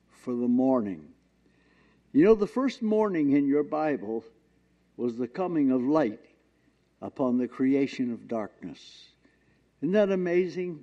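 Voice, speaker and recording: A man preaching a sermon in an earnest, halting way, reading scripture slowly and drawing out the words. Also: a little high, dark tone. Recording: dull lo-fi recording.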